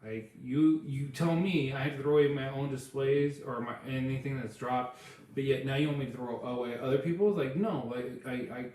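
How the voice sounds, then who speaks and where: A man tells loose, rambling stories in a casual chat, with many "like" and "um" fillers. His voice sits at an ordinary pitch. The room is very echoey. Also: moderate pace, darkish tone, a little hiss or hum. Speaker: podcast co-host.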